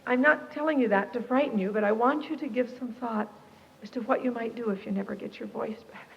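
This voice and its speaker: A woman voicing a calm, soothing male surgeon who speaks carefully and hesitantly. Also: fairly high pitch, brisk, vocal fry, long reverb tail, muffled recording. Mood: grave, gentle.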